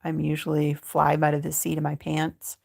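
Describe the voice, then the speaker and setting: A low-voiced woman with a gravelly edge hosts a relaxed crochet livestream, talking on her phone as she works. She chats easily and reads viewer comments aloud. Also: normal speed. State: sleepy, yawning. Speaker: livestream host. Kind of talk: casual livestream chat while crocheting.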